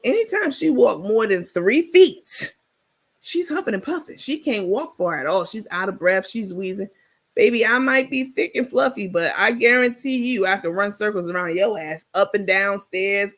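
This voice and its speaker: Speaking at a medium pitch, this woman hosts a casual livestream in a rough, breathy voice. Her talk is sassy and blunt, full of cursing and frequent bursts of laughter.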